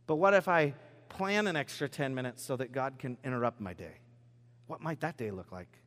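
Joking pastor preaching in a big hall. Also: male voice, mid-range voice, lively intonation, moderate pace, fairly bright tone. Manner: conversational, joking, acts out quoted voices. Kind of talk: sermon. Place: church sanctuary. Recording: preached in a large reverberant hall.

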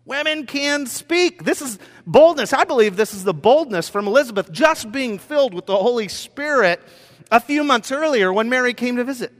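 A male pastor preaching a casual, animated sermon, acting out quotes, with fillers and restarts. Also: extremely high pitch, a little fast, in a large hall. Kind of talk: conversational sermon.

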